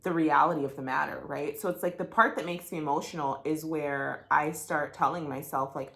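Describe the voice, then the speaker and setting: A woman with a low-pitched voice talks candidly to her viewers in a vlog, blunt and unafraid to swear. She is heartfelt and a little emotional, with plenty of "like" and "right?" as she works through her thoughts. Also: fairly even intonation, fairly quick, vocal fry, few pauses, fairly bright tone. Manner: blunt and profane, heartfelt, many fillers. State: getting emotional. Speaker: vlogger. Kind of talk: candid talking-head vlog.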